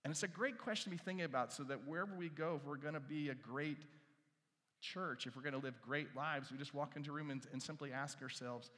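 A man's voice: fairly high pitch, fast talker. Man preaching in a reverberant hall. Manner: animated, swings from loud to hushed asides; repeats key phrases, asks the crowd questions. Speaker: pastor. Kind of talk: sermon. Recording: long reverb from a large hall.

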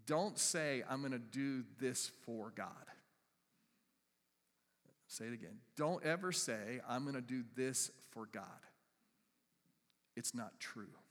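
A man's voice: medium pitch, a bit bright. Preaching man in a reverberant hall. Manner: dynamic preaching, voice rising and dropping for emphasis. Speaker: pastor. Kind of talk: sermon.

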